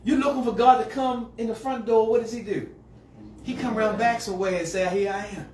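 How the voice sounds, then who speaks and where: A male pastor preaching a sermon to a congregation, moving between quiet asides and shouted call-and-response lines. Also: very high voice, fairly even intonation, a little fast, slight background noise. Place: church sanctuary with a congregation. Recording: echoey hall, mic far off. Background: congregation answering.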